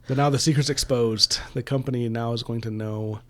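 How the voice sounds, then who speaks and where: A man's voice: medium pitch, a little fast. A man co-hosting a casual book discussion podcast, animatedly retelling the plot. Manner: animated retelling, acting out the characters. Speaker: podcast co-host.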